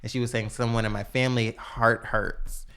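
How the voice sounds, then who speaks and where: A podcast guest telling stories in casual, slangy chat, acting out quotes with big jumps in pitch. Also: level tone, moderate pace, fairly bright tone, smooth.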